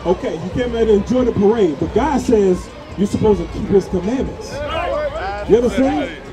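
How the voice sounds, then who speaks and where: A man with a very high voice preaches on a crowded parade route, firing question after question at passers-by. Loud music and a chattering crowd fill the background of this outdoor recording. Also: moderate pace. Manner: pressing, repeatedly asks questions, sometimes shouts. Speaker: street preacher. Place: outdoors at a busy street parade.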